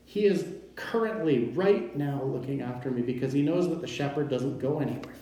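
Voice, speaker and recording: A man preaching a sermon, slow and emphatic, stressing each pronoun as he reads scripture. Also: mid-range voice, warm tone. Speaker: pastor. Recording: very echoey room.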